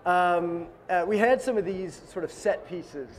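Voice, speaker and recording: A man with a slightly high voice, telling stories in a casual interview. He talks in an animated, joking way and acts out the people in his stories. It is relaxed, informal storytelling. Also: a little slow. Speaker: film director.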